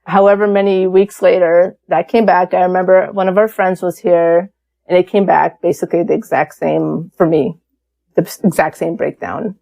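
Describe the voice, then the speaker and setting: A woman's voice: lowish voice, fairly even intonation, moderate pace, gravelly, warm tone. A woman around fifty, a podcast guest, telling a personal story in a frank, casual way, with swearing and acted-out quotes.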